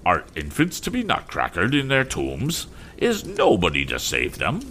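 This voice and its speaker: A man voicing an exasperated gentleman father who pleads in helpless, desperate outbursts. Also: low-pitched, wildly swooping pitch, unhurried, slight background noise, exaggerated voice.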